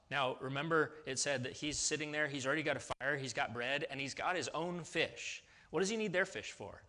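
Bright-voiced man preaching conversationally. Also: fairly high pitch, brisk, hardly any pauses. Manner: conversational, with restarts and sudden emphatic rises. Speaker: pastor. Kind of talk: sermon.

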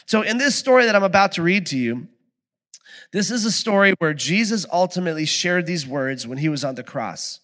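Animated male pastor, conversational sermon. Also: sits high, brisk. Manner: conversational, swings from quiet reflection to loud animated storytelling.

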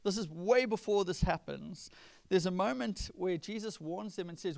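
Gravelly-voiced man preaching conversationally. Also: high voice, moderate pace, darkish tone. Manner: conversational preaching, acts out quoted lines with rising emphasis. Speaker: pastor. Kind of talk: sermon.

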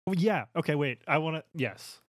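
A man's voice: on the high side, lively intonation, dry recording. A young man co-hosting a podcast in casual chat, wry and chatty. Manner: chatty, wry, quick to laugh. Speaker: podcast co-host.

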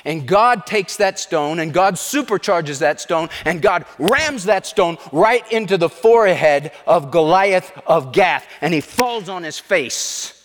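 A male preacher telling a story in an animated, dramatizing way during a revival sermon. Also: a little slow, hardly any pauses, long reverb tail. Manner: animated, dramatizing, shifts pitch for effect.

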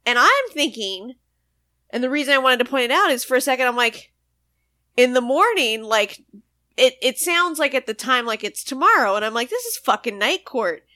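A woman co-hosting a podcast, chatting casually and retelling a sitcom scene with animated acted-out quotes. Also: sits high, normal speed. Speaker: podcast co-host. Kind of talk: casual chat recapping a sitcom episode.

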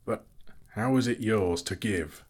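A man's voice: low-pitched, steady tone, a little slow. A man voicing a grim, suspicious human leader who speaks bluntly and sternly.

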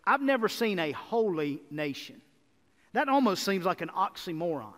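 A man preaching a sermon as pastor, energetic and building to emphatic repeated lists. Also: high-pitched, normal speed. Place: church sanctuary. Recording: reverberant hall.

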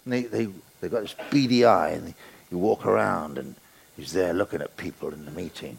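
A man in his sixties preaching a sermon in a church, playful and animated, acting out the voices he quotes. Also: deep voice, moderate pace, creaky, slight background noise. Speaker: guest preacher.

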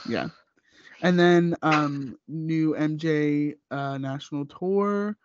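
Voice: medium pitch, slow pace, no echo, lo-fi sound. A podcast co-host in casual chat, upbeat, running through news with fillers.

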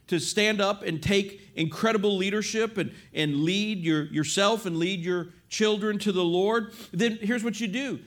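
A middle-aged male pastor preaching a sermon in an animated storytelling manner, acting out bits of dialogue. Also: high-pitched.

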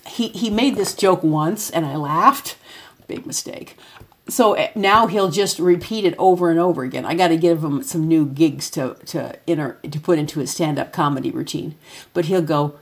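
A woman's voice: fairly low pitch, normal speed, husky. A middle-aged woman, a parent, giving a chatty talk over photos and telling anecdotes about her kids. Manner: chatty, anecdotal, acts out her son's lines. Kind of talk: casual spoken talk with photos.

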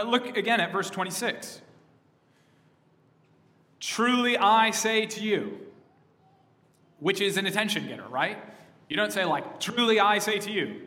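Emphatic preaching man in a reverberant hall. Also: on the high side. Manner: emphatic preaching, surging louder on key phrases and dropping soft on others. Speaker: pastor. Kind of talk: sermon.

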